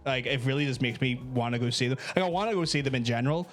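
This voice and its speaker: A man's voice: medium pitch, rapid-fire, faint music behind. Sweary Northern Irish man, chatty. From Northern Ireland. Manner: rambling, sweary, stops to search for words. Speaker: co-host of a live talk show. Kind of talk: casual chat.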